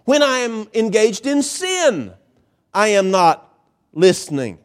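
A male pastor preaching a sermon, emphatic, with dramatic pauses and swings in pitch. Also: very animated, smooth.

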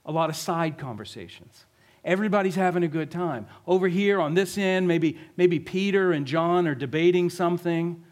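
A man preaches in a relaxed, conversational way, painting a scene and tossing out questions to his listeners. His voice sits somewhat high for a man. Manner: conversational, vivid storytelling with rhetorical questions. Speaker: pastor. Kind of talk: sermon.

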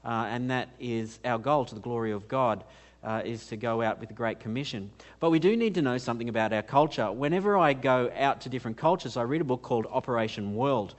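An earnest male conference speaker with an accent that is not American. He works through his points with rhetorical questions, frequent "uh"s and restarts, at a mid-range pitch. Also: fairly quick. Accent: foreign to America. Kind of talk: live conference teaching talk.

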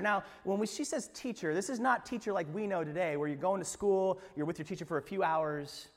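Pastor preaching in a reverberant hall. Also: male voice, sits high, normal speed, few pauses. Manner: expressive, swings from hushed to emphatic, playful asides. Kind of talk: Easter sermon. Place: church sanctuary.

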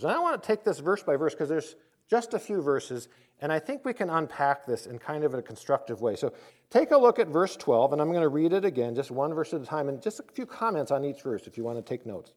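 A male pastor delivers a sermon in a relaxed, storytelling way, slipping into quoted voices as he goes. His voice sits a little high and swings widely in pitch. He speaks to a congregation and walks them through scripture verse by verse. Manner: storytelling, conversational preaching with dramatic quoted voices.

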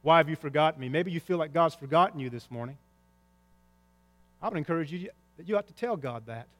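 A man preaching a sermon as pastor, swinging between soft, low lines and loud, raised cries. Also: fast, in a large hall. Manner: impassioned preaching with big swings in pitch and loudness.

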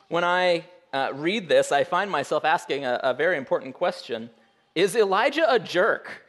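A man's voice: fairly high pitch, lively intonation, moderate pace, fairly bright tone. A man giving a sermon in a conversational way, with wry humor and frequent restarts. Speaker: pastor.

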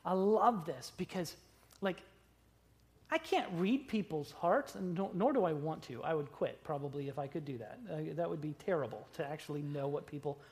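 A man preaching a sermon, conversational with rhetorical questions, swinging between loud stressed words and quiet asides. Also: fairly high pitch, expressive, normal speed. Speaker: pastor.

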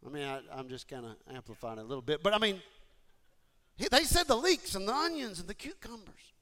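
High, bright-voiced man preaching casually. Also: fairly quick. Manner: animated, talks straight to listeners, many restarts. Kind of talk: casual conversational sermon.

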